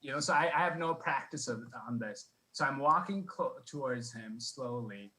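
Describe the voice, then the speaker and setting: Bright-voiced man telling a rambling stand-up story. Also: mid-range voice, expressive, normal speed, poor audio. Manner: rambling, self-deprecating, many restarts. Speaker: stand-up comic. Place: comedy club stage.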